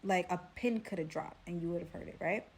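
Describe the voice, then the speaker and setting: A young woman from Brooklyn with a Brooklyn accent, telling a casual storytime. She speaks in an animated way and drops to hushed tones for suspense. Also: fairly low pitch, fairly quick, vocal fry. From Brooklyn, New York.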